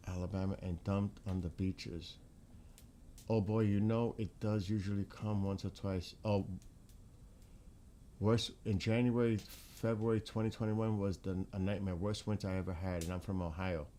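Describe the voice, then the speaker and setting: Man, livestream host, casual chat, low voice, excitable exclamations, repeats himself. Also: normal speed, slight background noise.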